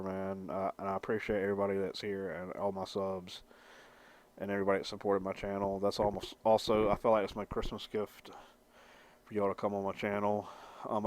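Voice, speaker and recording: A man's voice: fairly low pitch, clean tone, dry recording. A young man vlogging in casual chat, rambling loosely, with lots of slang and swearing.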